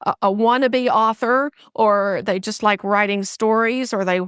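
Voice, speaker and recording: A woman's voice: medium pitch, fairly even intonation, unhurried, fairly bright tone, clear, resonant tone, no room sound, studio quality. A woman with a Southern US accent, chatting as a guest author in a friendly, rambling way. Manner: friendly, chatty, with frequent restarts and fillers. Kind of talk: casual interview chat.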